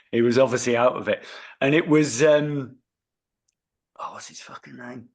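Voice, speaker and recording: A man's voice: mid-range voice, moderate pace, gravelly. A man co-hosting a podcast, telling a story in casual chat, laughing and swearing now and then. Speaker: podcast co-host.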